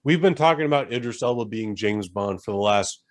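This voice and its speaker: A man's voice: lowish voice, animated, fairly quick, no echo, clean studio sound. A man in his forties co-hosting a podcast, rambling in casual chat and swearing now and then. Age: 40s. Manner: rambling, swearing, self-interrupting. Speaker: podcast co-host.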